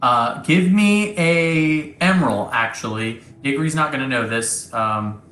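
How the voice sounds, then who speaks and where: A man running a tabletop game as its game master, narrating casually with hesitant pauses. His voice is bright and forward, and the room gives it a clear echo. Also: mid-range voice. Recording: echoey room.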